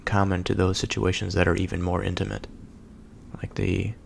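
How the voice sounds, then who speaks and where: Very deep, gravelly man musing slowly. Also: monotone, a little hiss or hum. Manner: slow, halting, with many pauses and fillers. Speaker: solo speaker reflecting on scripture. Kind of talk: contemplative scripture reading and reflection.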